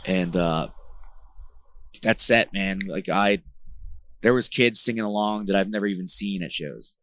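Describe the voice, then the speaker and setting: A man from New Jersey, a band vocalist, talking as a podcast guest in a rambling, slang-filled way with lots of fillers, getting animated as he tells stories. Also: low voice, unhurried, dry recording. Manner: rambling, filler-heavy slang talk with frequent "like" and "bro"; animated, gets louder when retelling tense moments. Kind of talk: casual conversational storytelling.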